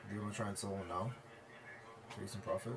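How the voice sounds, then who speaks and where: Laid-back low-voiced man. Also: fairly even intonation, fast talker, a bit bright. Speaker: friend watching the trades. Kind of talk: casual chat. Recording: background noise.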